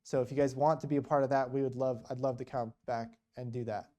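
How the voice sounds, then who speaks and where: Quick and steady, this man's mellow mid-range voice carries a rambling, casual story he tells as a missionary guest at a church. He keeps retelling conversations, filling them with quotes.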